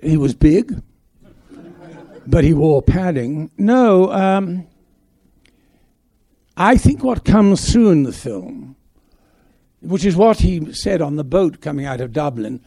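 An older man from England, a guest actor telling anecdotes in a halting, reminiscing way on stage. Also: a little high, very animated, dark tone, no room sound.

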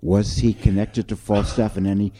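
A man with a low, mellow voice hosts the question session. He chimes in briefly and warmly encourages the guest. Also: little pitch movement, normal speed. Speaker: event host. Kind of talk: moderating a Q&A.

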